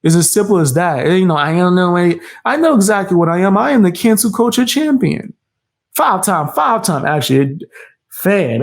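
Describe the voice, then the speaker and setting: A man hosting a reaction commentary, defiant and mocking, with casual slang and frequent laughs. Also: high voice. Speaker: commentary channel host.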